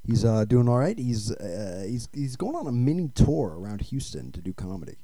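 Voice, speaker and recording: A man's voice: medium pitch, very animated, normal speed, dark tone. A man hosting a podcast, joking crudely and rambling through banter. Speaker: podcast host.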